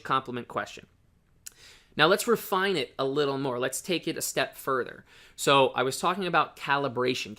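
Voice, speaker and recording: A man's voice: medium pitch, pushed and bright. A man coaching on dating in casual, blunt talk, often checking in with the listener by asking "right?".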